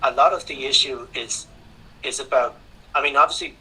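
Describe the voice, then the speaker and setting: A man, a guest speaker on English teaching, answering questions in an online seminar, relaxed and repeating words as he thinks. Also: medium pitch, moderate pace, background noise. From Ireland.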